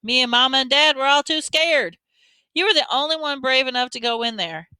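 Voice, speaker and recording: A woman's voice: high-pitched, a little fast, pushed and bright, clean tone, dry recording, pitched above the performer's own voice. A woman reader voicing a tough teenage boy who talks slangy and bossy to his little brother. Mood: scolding. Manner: slangy, scolding, street talk.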